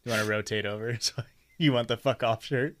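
A man's voice: mid-range voice, steady tone, a little fast, a bit bright. A man co-hosting a podcast, joking around in casual banter, swearing freely and laughing often between rambling asides. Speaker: podcast co-host.

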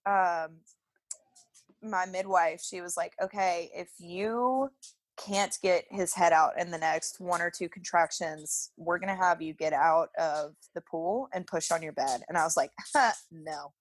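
A young woman with a lowish voice, steady in tone and measured in pace, tells a personal story as a podcast guest. She's chatty and casual, laughs often, and fills her speech with "like."

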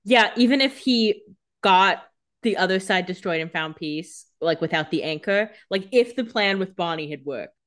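A woman's voice: mid-range voice, animated, moderate pace, fairly bright tone. A woman co-hosting a casual podcast, reacting to a TV recap with chatty jokes and frequent laughter. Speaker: podcast co-host.

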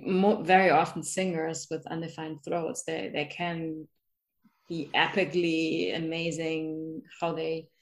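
A woman's voice: deep voice, level tone, measured pace. A woman with a German accent hosting a podcast interview, chatting in a bubbly, casual way full of "like" and "right?". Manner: bubbly, filler-heavy, lots of "like" and "right?". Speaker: podcast host.

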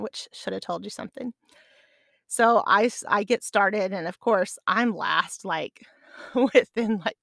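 A woman's voice: mid-range voice, gravelly, fairly bright tone, no room sound. Chatty woman telling a story, dry close mic. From Arizona. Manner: chatty, self-deprecating, laughs while telling. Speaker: podcast host. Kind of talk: casual storytelling monologue.

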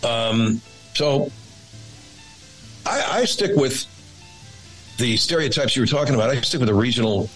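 Man, interview guest, rambling and animated, mid pitch, faint music behind. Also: unhurried, long pauses, rough recording. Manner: rambling, animated, slips in and out of character voices. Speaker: guest, radio and voice actor. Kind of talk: casual interview talk.

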